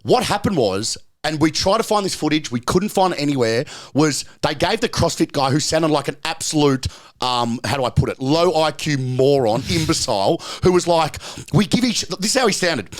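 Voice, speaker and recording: A man's voice: fairly high pitch, lively intonation, normal speed. A man, a podcast guest and strength coach, talking brashly and boastfully in casual chat, joking and swearing freely, right up on the microphone. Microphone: very close to the microphone.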